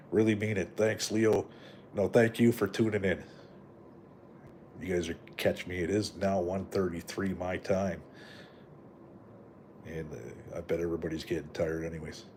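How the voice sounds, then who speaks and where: A man's voice: low voice, a little mellow, a little hiss or hum. A middle-aged man from Canada hosting a live stream, chatting in a rambling, profane way with lots of fillers and "right?" tags. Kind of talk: casual rambling live chat.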